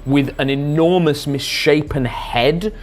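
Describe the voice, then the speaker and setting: A man's voice: on the high side, slow. A man narrating a tabletop game as game master, describing scenes in a rambling, hesitant way with many fillers.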